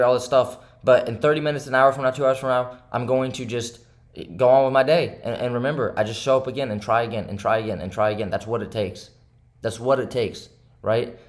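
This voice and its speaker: A young man records a frustrated talk to his viewers right after a losing trade. His pitch sits in the middle for a man, and he keeps repeating himself and tagging "right?" onto his points. He moves between heated bursts and quiet, subdued stretches. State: frustrated and upset. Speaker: day trader and channel host. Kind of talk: frustrated self-talk to camera.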